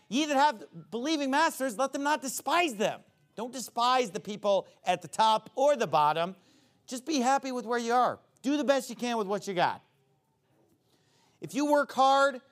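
Reading from the Bible, a preacher explains each verse in plain, everyday speech. For emphasis he climbs high and loud, then falls low when explaining.

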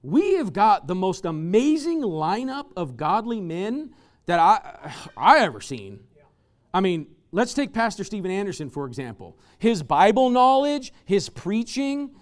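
High, lively-voiced male preacher. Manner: emphatic, reads scripture slowly and deliberately; lists examples in rising, enthusiastic bursts. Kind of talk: sermon.

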